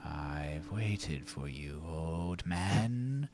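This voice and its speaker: A man voicing a menacing ghostly spirit in a slow, low whisper. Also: animated, darkish tone, slight background noise, full character voice.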